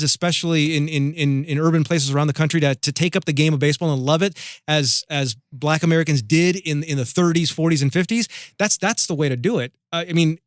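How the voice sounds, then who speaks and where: Male podcast guest, casual animated storyteller, fairly high voice, dry close mic. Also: dry recording. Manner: animated storyteller with many restarts. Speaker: guest radio host.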